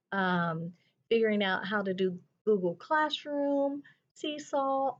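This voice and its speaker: A woman teacher gently talking children through a lesson on feelings, thinking aloud with soft hums as she colors a drawing. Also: fairly high pitch. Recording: slightly dull lo-fi sound.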